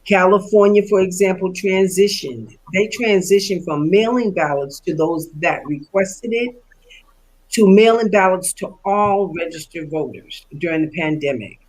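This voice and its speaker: A woman speaking on a panel, explaining voting policy in an earnest, steady way with occasional fillers. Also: lowish voice, measured pace, rough recording. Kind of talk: panel discussion remarks.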